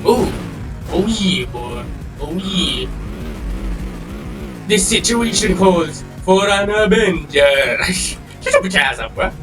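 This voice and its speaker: Excitable young man trash-talking over game music. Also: high voice, takes it slowly, pauses often. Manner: excitable trash-talking with frequent swearing and slang. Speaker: gaming channel host. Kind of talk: casual gameplay commentary. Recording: distant mic with game music behind.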